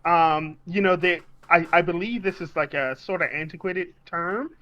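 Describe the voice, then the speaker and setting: A man's voice: high voice, moderate pace, muffled recording. A man playing a tabletop game, rambling through a character description with lots of fillers. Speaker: player.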